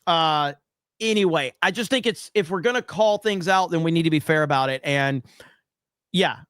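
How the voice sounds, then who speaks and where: A man with a fairly high voice hosts a podcast and rants bluntly, swearing freely as he reacts to clips. The sound is dry and close, with no room around it. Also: moderate pace, a bit bright, smooth, dry recording. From USA. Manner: blunt and profane, heated. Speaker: podcast host. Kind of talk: casual political commentary.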